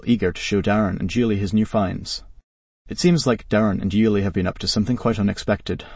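Gravelly low-voiced male narrator. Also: no room sound, recorded from a distance. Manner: flat, even read of the story. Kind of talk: scripted story narration.

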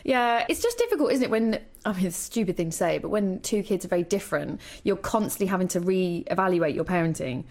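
A woman, a guest in a casual chat, telling animated stories and acting out quotes. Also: fairly low pitch, fast talker, few pauses. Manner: animated storytelling, acts out quotes, swears.

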